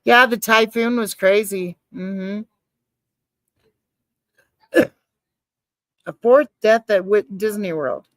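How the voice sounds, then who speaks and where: A woman's voice: medium pitch, drawn-out words, pauses often, no room sound. Nervous, rambling woman streamer. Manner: rambling, swears, reacts to chat, self-described nervous. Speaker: live streamer. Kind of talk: casual live-stream chat.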